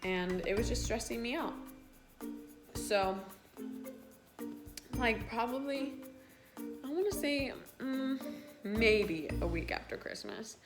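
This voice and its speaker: A woman's voice: on the high side, animated, slow pace, long pauses, music in the background. A woman in her late teens, a vlogger telling a personal storytime in a chatty way, full of fillers and quoted asides. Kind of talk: casual storytime.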